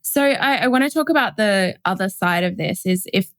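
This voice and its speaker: A woman hosting a podcast, asking thoughtful, measured questions. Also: mid-range voice, animated, a bit bright, no echo. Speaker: podcast host. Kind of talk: interview questions.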